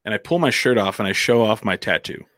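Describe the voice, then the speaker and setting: A man's voice: on the low side, expressive, fast, fairly bright tone, a little hiss or hum. A man from New Mexico hosting a podcast, telling a story in a casual, rambling and profane way. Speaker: podcast host.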